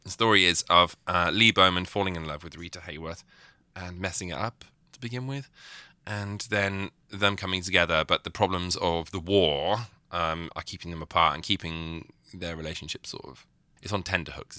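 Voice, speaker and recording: A man co-hosting a casual film review chat, animated and laughing as he pokes fun at the movie. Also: low-pitched, normal speed, few pauses, no room sound. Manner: animated, laughs while mocking accents. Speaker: film podcast co-host.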